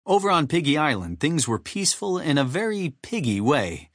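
A man narrating a children's audiobook in an animated storytelling manner. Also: fairly high pitch, moderate pace, no echo, clean studio sound. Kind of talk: scripted narration.

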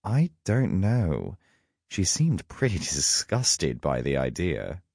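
A man's voice: on the low side, wildly swooping pitch, a little slow, vocal fry, darkish tone, breathy edge, no room sound, clean studio sound, pitched above the performer's own voice, full character voice. A man voicing a sarcastic, cowardly young male trickster god with a wisecracking manner. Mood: wry. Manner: wisecracking, snarky.

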